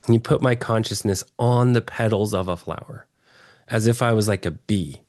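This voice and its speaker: A man from Texas telling his story as an interview guest, earnest and excitable, often restarting his phrases. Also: lowish voice, moderate pace, no echo, clean studio sound. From Texas, USA.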